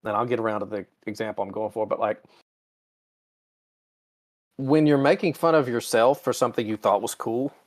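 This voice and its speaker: A man's voice: mid-range voice, normal speed, pauses often. A man co-hosting a podcast, chatting casually and profanely, often slipping into mocking voices. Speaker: podcast co-host. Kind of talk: casual chat.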